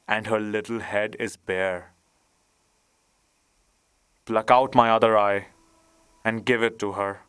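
Sorrowful noble prince, read by a man quiet and slow, smooth tone. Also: lowish voice, no echo. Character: sad, noble statue prince, male.

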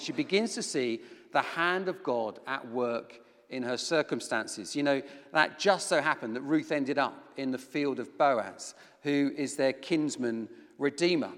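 A middle-aged man preaching a sermon, telling a personal story with self-deprecating humor. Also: a little high. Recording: long hall reverb.

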